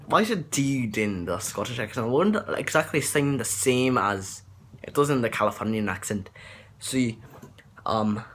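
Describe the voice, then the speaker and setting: In a casual accent tutorial vlog, a young man rambles hesitantly about accents, full of fillers and restarts. His voice is fairly low in pitch, pushed and bright.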